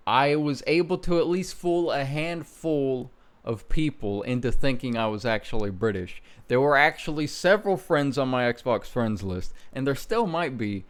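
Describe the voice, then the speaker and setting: A young man in casual commentary, poking fun at himself with a dry, joking edge. His voice sits at an average pitch. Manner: self-mocking, joking, laughs at himself. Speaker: YouTuber host. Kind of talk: casual commentary on old videos.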